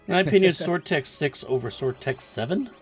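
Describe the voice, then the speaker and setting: A man's voice: fairly high pitch, lively intonation, fairly quick, soft background music. A man commentating a video game tournament, explaining boss strategy step by step in a casual, chatty way and laughing often. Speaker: esports commentator.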